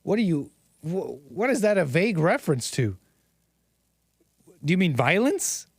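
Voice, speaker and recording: A man's voice: sits high, big pitch swings, normal speed, gravelly, breathy edge, dry recording. A man hosting a stream, giving sarcastic, rambling commentary on news clips. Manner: mocking, rambling, incredulous.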